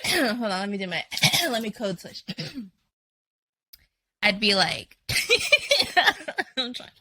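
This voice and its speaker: A woman hosting a podcast in casual chat, loud and profane, laughing a lot. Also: medium pitch, very animated, takes it slowly, pauses often, a little hiss or hum. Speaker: podcast host.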